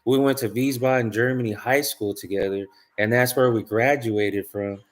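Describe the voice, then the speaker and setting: A man talks straight to his audience in a loose storytelling monologue. He rambles and doubles back, lands his points with emphasis and swears freely, in an ordinary mid-pitched voice. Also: steady tone, moderate pace. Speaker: spiritual vlogger.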